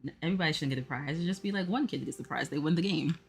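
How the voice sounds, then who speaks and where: A woman's voice: low-pitched, very fast, husky, soft background music. A woman playing a stubborn cartoon dad who lays down the rules in a blunt, emphatic way. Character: stubborn cartoon dad putting his foot down.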